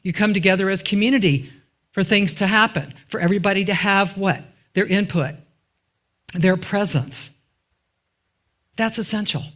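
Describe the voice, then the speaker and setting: A woman's voice: mid-range voice, normal speed, pauses often, fairly bright tone. A woman minister giving a conversational sermon in a church, often asking the congregation questions and dropping in informal asides. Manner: asks the congregation rhetorical questions and waits for answers. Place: church sanctuary.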